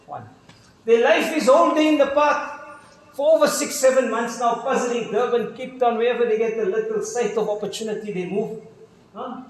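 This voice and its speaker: A man's voice: very high-pitched, normal speed. A middle-aged man with a South African accent, an imam telling stories in a sermon with quoted dialogue and casual slang. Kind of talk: sermon storytelling. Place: mosque hall. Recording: very echoey mosque hall.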